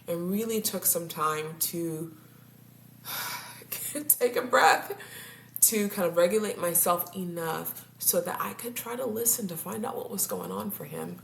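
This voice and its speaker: Speaking to camera in an unhurried, sing-song way, this woman's voice is on the low side, creaky yet a bit bright. She's a couples therapist chatting casually with viewers, frequently laughing and stumbling over words, captured with roomy echo and faint hum.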